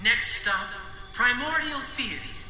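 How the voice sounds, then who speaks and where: A high, tinny, eerie intercom voice. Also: male voice, pushed and bright, roomy sound, in a large hall, a little hiss or hum, full character voice. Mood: ominous. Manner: slow, cryptic announcements. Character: eerie disembodied train intercom announcer.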